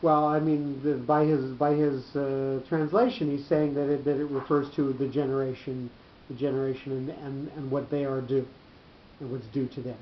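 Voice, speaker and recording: A man teaching a Torah class to a small group, explaining points step by step with halting restarts. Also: mid-range voice, level tone, a little hiss or hum. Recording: roomy dull lo-fi class recording.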